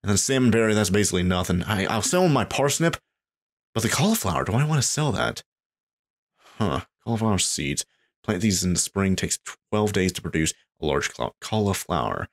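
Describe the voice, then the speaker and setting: A man giving casual let's play commentary, thinking aloud and getting excited at surprises. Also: on the low side, a little fast. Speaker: gameplay commentator.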